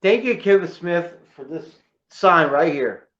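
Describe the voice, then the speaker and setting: With the highs cut off, a man's fairly high voice unhurriedly carries a casual co-host chat. He's an excitable storyteller sharing emotional tales of his collection, choked up now and then.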